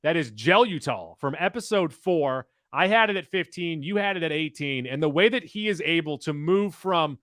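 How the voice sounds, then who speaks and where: A man co-hosting a casual podcast chat, reading out rankings in a steady, list-like way. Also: on the high side, normal speed, few pauses, dry recording, studio quality. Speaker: podcast co-host.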